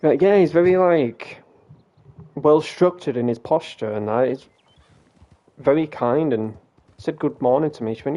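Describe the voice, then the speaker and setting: A man's voice: fairly high pitch, measured pace, pauses often, mellow, highs cut off. A British man streaming a game, telling a rambling story in a casual way, with frequent restarts and some swearing.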